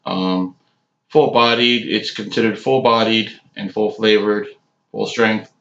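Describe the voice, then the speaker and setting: A man in his late forties giving a casual, rambling cigar review, halting often with ums. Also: lowish voice, level tone, vocal fry, fairly bright tone. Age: 40s. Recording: echoey room, dull lo-fi sound.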